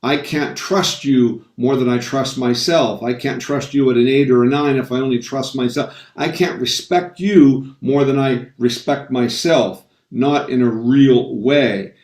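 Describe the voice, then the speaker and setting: A man's voice: mid-range voice, measured pace, few pauses, darkish tone. A man giving a motivational talk about stress on a live stream, emphatic and repeating his key phrases, often restarting sentences. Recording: roomy echo, distant from the mic.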